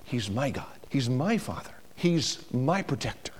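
A man's voice: mid-range voice, very animated, unhurried, few pauses, a little mellow, husky. A man preaching a sermon to a congregation, emphatic, with rhetorical questions to the room. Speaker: pastor. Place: church before a congregation.

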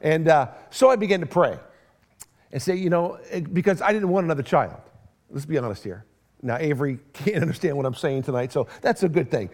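A man's voice: fairly high pitch, fairly quick. A middle-aged man preaching a sermon as pastor, telling a family story with humor and acting out both sides of the conversations. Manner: animated storytelling, acts out both sides of dialogue, self-deprecating humor.

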